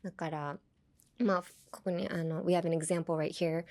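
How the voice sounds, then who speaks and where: A woman's voice: lowish voice, fairly even intonation, fairly quick, dark tone. A young woman hosting a podcast, chatting casually as she explains English phrases from anime and switching between English and Japanese with frequent laughs. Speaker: podcast host teaching English through anime lines. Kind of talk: casual bilingual teaching chat.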